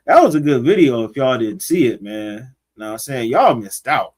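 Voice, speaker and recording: A man's voice: medium pitch, lively intonation, normal speed. A man hosting a casual livestream, reading out viewers' comments and reacting to them in loose, slangy talk aimed straight at his audience. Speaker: livestream host.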